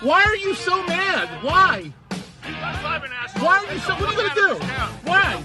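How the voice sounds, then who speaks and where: A man's voice: very high voice, sing-song, measured pace, loud music behind the voice. A man taunting people as he drives past, mocking them and repeating his jibes. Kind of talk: taunting from a passing car.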